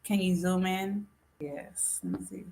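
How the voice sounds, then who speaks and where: A woman's voice: on the low side, steady tone, unhurried, creaky, a little mellow, slight background noise. A woman hosting a casual live stream, talking straight to her viewers and calling them folks. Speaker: livestream host.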